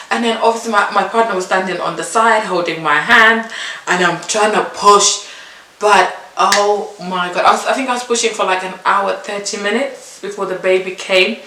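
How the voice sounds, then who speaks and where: Animated woman telling a story in an echoey room. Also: medium pitch, moderate pace. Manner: animated, acts out the midwives' and her own lines in a raised voice. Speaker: vlogger telling her birth story. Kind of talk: casual storytelling to camera. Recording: echoey room, mic at a distance, faint hiss.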